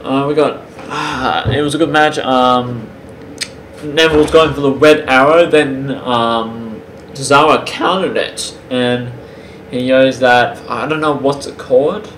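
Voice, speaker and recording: A man casually reviewing a wrestling show for his channel, talking in a halting way with many pauses and restarts. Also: medium pitch, a bit bright. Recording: roomy with faint background hiss.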